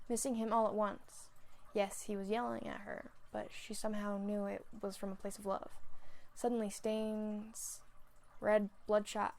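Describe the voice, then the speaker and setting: Young woman reading fan fiction; monotone, gravelly narration. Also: mid-range voice, measured pace. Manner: flat reading with small slips.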